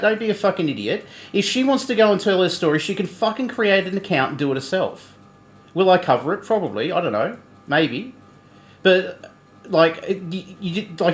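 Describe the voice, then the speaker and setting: A man's voice: a little high, echoey room. Blunt, cussing male stream host. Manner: blunt, swearing, laughs often. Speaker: livestream host. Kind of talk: casual commentary chat.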